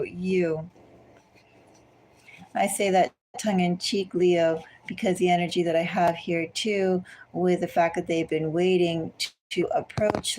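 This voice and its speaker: A woman giving a collective tarot reading, speaking slowly and deliberately and repeatedly addressing the listener by star sign. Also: on the low side, darkish tone, a little hiss or hum, rough recording. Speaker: tarot reader.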